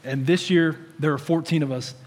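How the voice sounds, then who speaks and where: A man's voice: on the high side, steady tone, moderate pace, darkish tone, big-room sound. A man in his thirties preaching a sermon in a conversational way, with humorous stories. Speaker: pastor.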